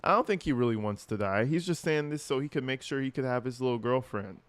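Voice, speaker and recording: Brief: male channel host reacting casually and bluntly, smooth voice, close dry mic. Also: mid-range voice, fast, no room sound.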